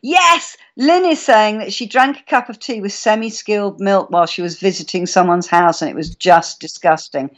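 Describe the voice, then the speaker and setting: A woman talks in a chatty, storytelling way and slips into little acted-out voices of her own reactions. Her voice sits at an ordinary middle pitch for a woman. The audio is slightly muffled and lo-fi. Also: moderate pace, few pauses. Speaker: guest speaker. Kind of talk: casual live-stream chat.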